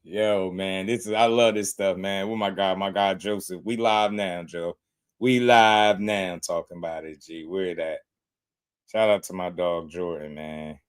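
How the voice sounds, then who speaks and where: A man's voice: low voice, unhurried, clean tone. Hyped man on a boxing livestream. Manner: animated, laughing, swings from shouting to muttering. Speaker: boxing podcast host. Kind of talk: excited livestream boxing talk.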